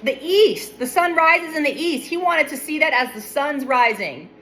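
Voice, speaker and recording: A woman's voice: sits high, animated, normal speed, fairly bright tone, slight background noise, low-quality recording. A young adult woman casually retelling a Bible story, mixing the reading with wry, playful asides.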